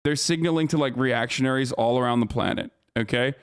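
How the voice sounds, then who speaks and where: A man's voice: mid-range voice, a little fast, clear, resonant tone. A man livestreaming casual commentary, ranting in an exasperated, profane way and rambling with frequent restarts. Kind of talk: casual live-stream commentary.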